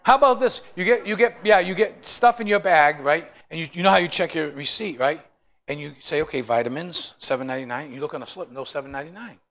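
A man leads a Bible study with a gravelly, slightly high voice. He tells funny everyday stories and keeps asking his listeners questions. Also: fast talker, fairly bright tone. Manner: joking, storytelling, asks the group questions. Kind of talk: animated Bible study teaching.

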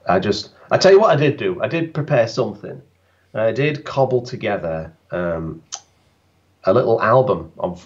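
A man's voice: fairly low pitch, highs cut off. A man, a guest landscape photographer, bantering with dry, self-mocking humor on a live stream.

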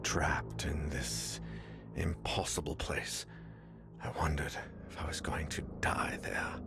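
Haunted survivor, very deep whispered narration under a heavy score. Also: male voice, slow, creaky, heavily acted. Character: haunted man trapped in a nightmare. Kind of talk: game intro narration. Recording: loud music bed.

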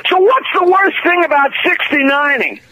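A man's voice: extremely high pitch, lively intonation, moderate pace, sharp tone, dry recording, rough recording. A comedian on a call, telling dirty jokes one after another and cackling at his own punchlines. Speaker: comedian caller. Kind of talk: rapid-fire dirty joke telling.

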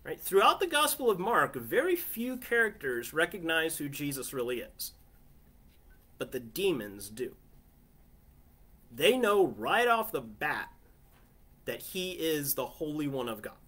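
A man's voice: fairly high pitch, very animated, measured pace, long pauses, sharp tone. A man preaching a sermon from his family living room in a conversational way, often asking listeners "right?". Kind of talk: home sermon.

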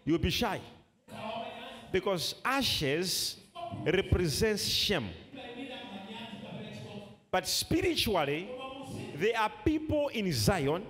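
A man preaching a sermon in a church, shouting and repeating phrases with drawn-out emphasis. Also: sits high, very animated, long reverb tail, a crowd in the background.

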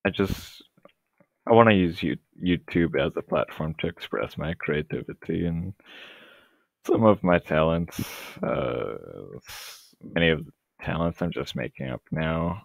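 On a dry, tinny lo-fi mic, a young man with a fading voice gives casual gameplay commentary in a hesitant, sarcastic ramble. His low voice is creaky and moves at a measured pace.

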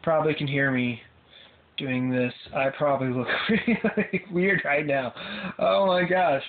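A teenage boy rambling goofily from a parked car at night, jumping from thought to thought and poking fun at himself. His voice sits a little high and comes through thin and phone-like. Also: measured pace, slight background noise. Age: teens. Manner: goofy, self-mocking and scattered. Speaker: vlogger. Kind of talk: rambling casual vlog. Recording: tinny phone-like sound.

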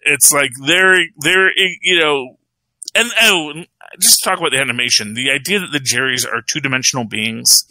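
A podcast co-host with a fairly high, sharp-toned voice talks at normal speed on a low-quality recording without echo. He reviews films in a loose, rambling chat, restarting sentences often and laughing a lot.

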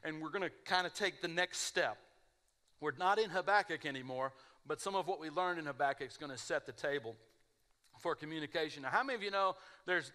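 A male pastor giving a sermon, telling lively stories and mimicking people's voices. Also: fairly high pitch. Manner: animated storytelling, mimics others in mumbled voices. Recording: live church service.

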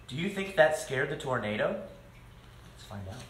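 A man reading a picture book aloud to children, expressive and chatting with them between pages. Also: mid-range voice, normal speed, long pauses. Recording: echoey room.

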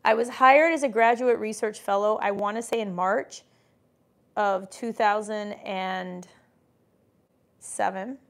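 Gravelly woman, emphatic live-stream host. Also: mid-range voice, steady tone, takes it slowly, pauses often, a bit bright. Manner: emphatic and motivational, reading chat comments aloud; mimics doubters in mocking voices. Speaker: livestream host and business coach. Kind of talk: casual live-stream talk.

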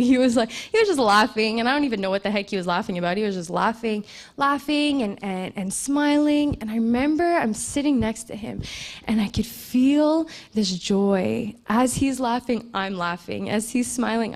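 A young woman giving an earnest, emotional church testimony, full of fillers and restarts. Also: a little high. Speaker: missions trip speaker at church. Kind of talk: personal testimony talk.

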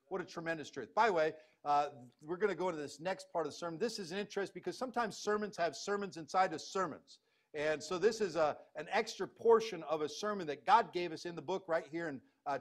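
Pastor guy preaching, kinda high voice, gets loud then drops real low. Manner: emphatic, swings between loud bursts and low hushed reading. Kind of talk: sermon.

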